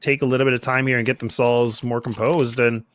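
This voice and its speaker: A man's voice: mid-range voice, flat delivery, fairly bright tone. A man giving analytical color commentary on a competitive shooter match, with lots of fillers and restarts. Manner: quick, analytical, many fillers.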